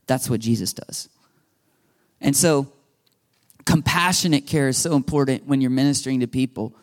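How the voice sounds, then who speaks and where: A man preaching a sermon as pastor, lively and animated, acting out the voices he quotes. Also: medium pitch, normal speed, pauses often.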